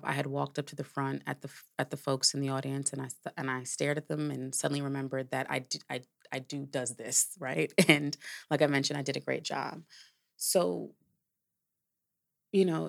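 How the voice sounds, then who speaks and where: A woman's voice: low voice, creaky. A woman hosting a podcast, telling a personal story in a candid, reflective way, with casual swearing and filler words. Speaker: podcast host.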